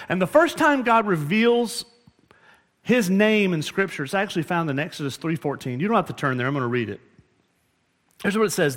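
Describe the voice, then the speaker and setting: A man's voice: high voice, big pitch swings, normal speed. A man preaching as pastor in a church, explaining scripture earnestly and often restarting his phrases. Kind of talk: sermon. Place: church sanctuary.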